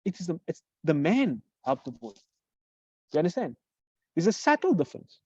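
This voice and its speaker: A teacher giving a grammar lesson who poses questions and answers them, repeating example phrases slowly. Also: medium pitch, very animated, darkish tone, slightly rough, no room sound. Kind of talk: classroom lecture. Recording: dull lo-fi recording.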